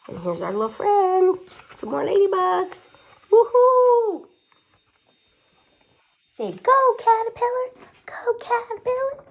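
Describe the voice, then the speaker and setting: A woman's voice: medium pitch, creaky, darkish tone. A young woman reading a picture book aloud to children, chatty, with playful asides and questions. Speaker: storybook reader.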